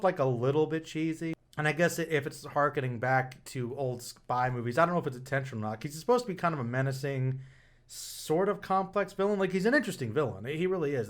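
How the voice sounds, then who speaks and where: A young man talks through a film review in a loose, casual way, trailing off and restarting his sentences often. His voice sits at an ordinary middle pitch, and he leans on fillers as he thinks aloud. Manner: rambling, many fillers and restarts.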